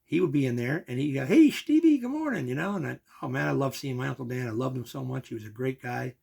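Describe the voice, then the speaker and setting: Gravelly older man telling stories. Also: mid-range voice, quick pace. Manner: animated storyteller acting out quotes. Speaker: storyteller. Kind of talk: storytelling.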